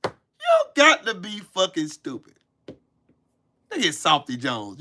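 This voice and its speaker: A man rants on his live stream, hurling profanity at viewers and calling them out by name. His pitch leaps wildly between loud shouted bursts and low muttered asides. The tone is bright and sharp-edged. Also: wildly swooping pitch, a little slow, slight background noise. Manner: angry, profane, cussing out viewers. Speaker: livestream host. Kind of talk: live-stream rant answering chat.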